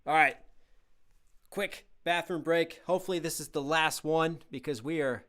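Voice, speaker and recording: A man reacting to music on a live stream, excitable and breaking down lyrics line by line in casual commentary. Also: a little high, moderate pace. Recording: music playing in the background.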